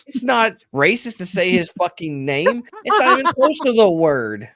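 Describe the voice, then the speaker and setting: A man's voice: high-pitched, big pitch swings, moderate pace, a bit bright, no echo, clean studio sound. A man co-hosting a live stream, trading blunt, profane banter in casual chat. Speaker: co-host.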